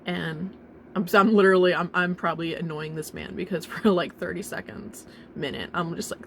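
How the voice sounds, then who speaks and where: A young woman telling a painful personal story in a halting, emotional way, with nervous laughs and restarts. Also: lowish voice, slight background noise. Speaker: vlogger telling her own story.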